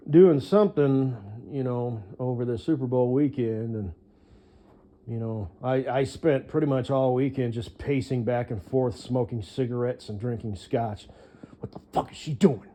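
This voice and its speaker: A man rambles on in a long one-sided monologue, his voice dark and mellow at an ordinary middle pitch. He swears casually and keeps circling back with fillers and restarts. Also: a little slow. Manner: rambling, profane, full of fillers.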